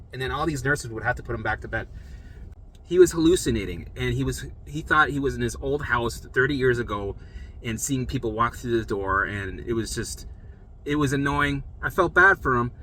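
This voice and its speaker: Bright-voiced man telling a blunt story. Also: mid-range voice, breathy edge. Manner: blunt, swears freely, acts out voices of others. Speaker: storyteller sharing his recovery. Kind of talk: casual personal story.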